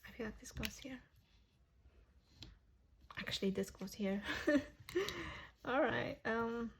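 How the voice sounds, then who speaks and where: A woman's voice: on the high side, a little slow, creaky, slight background noise. A woman giving a casual tarot reading to viewers, chatty, laughing often and correcting herself as she goes. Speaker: tarot reader.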